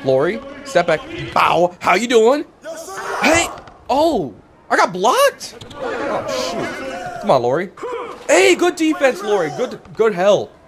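A man's voice: high voice, wildly swooping pitch, takes it slowly, a crowd in the background. A young man giving casual commentary over his own gameplay, hyping up his players and trash-talking the other side, recorded at home with noise. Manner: hyped trash talk at the game. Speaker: gaming YouTuber.

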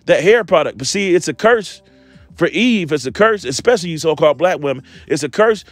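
A man with a slightly high voice delivers a rambling, profane street-style sermon, jumping between talk and slow, deliberate scripture reading. He speaks close to the mic in a dry, dead room, with soft music faintly under him. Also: expressive, no room sound. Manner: reads scripture slowly and deliberately. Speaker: street preacher. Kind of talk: informal sermon commentary.

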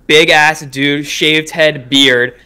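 A man's voice: on the high side, fairly even intonation, slow pace, sharp tone, clean tone. A young man co-hosting a podcast, telling a long story in casual chat with lots of filler words and slang. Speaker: podcast co-host.

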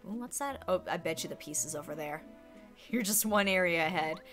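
A woman's voice: lowish voice, expressive, fairly quick, music in the background. A woman streamer chatting casually through a game, chatty and exclamatory with frequent giggles.

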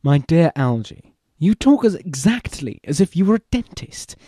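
A man reading aloud as an earnest young gentleman suitor in a classic comedy, in a theatrical manner. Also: a little high, big pitch swings, normal speed, dry recording, clean studio sound. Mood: indignant.

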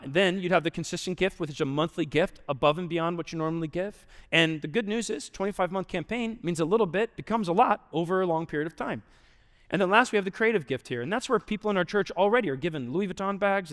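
A young adult male pastor giving an earnest, conversational sermon that drops quiet for emphasis. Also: high voice. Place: large church auditorium. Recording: long hall reverb.

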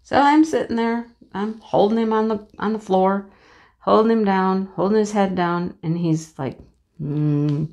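A woman vlogging from her home office in a casual, chatty storytelling way, animated and acting out the voices in her story. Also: mid-range voice, moderate pace. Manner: animated, acts out voices in anecdotes, laughs often. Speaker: crafting vlogger.

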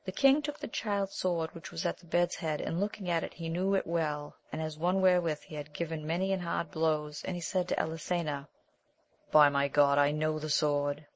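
Low-voiced woman reading an audiobook. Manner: measured, even reading of old prose. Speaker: audiobook narrator. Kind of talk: scripted audiobook narration.

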